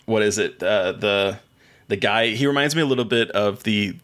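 A man's voice: lowish voice, normal speed, a bit bright. A man co-hosting a podcast, chatting casually about films and shows, rambling and enthusiastic with many restarts. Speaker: podcast co-host.

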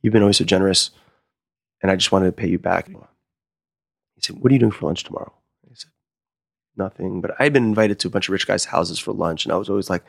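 Male sommelier, interview storyteller, lively and chatty, recorded dry with no room sound. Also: sits low, fast, vocal fry, long pauses, no echo. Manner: animated, acts out quoted dialogue. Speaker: sommelier and wine consultant.

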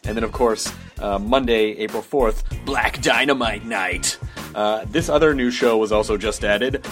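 A man's voice: fairly low pitch, moderate pace, soft background music. A man hosting a podcast, reading announcements casually with joking asides. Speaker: podcast host.

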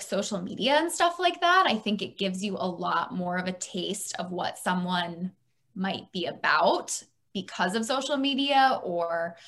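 A woman's voice: medium pitch, sharp tone. A woman therapist speaking as a podcast guest, chatty and thinking aloud with many fillers. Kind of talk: casual interview chat.

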